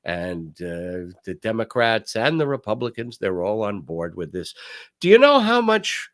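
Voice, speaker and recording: An older man hosting a talk show, telling stories and giving commentary in an emphatic, animated way. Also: on the low side, measured pace. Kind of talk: casual commentary.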